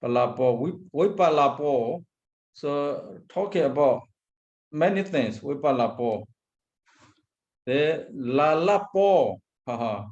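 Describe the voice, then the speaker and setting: A man teaching as a Buddhist monk, lecturing on a Pali text, repeating terms and pausing often. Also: medium pitch, animated, darkish tone, dull audio. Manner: slow, repeats Pali terms, frequent hesitations.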